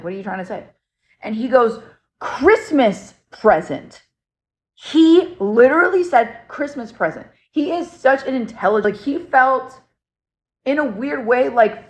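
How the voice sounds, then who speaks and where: A young woman earnestly telling a personal story to camera in a casual, excitable way, full of fillers. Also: mid-range voice. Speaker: paranormal storyteller.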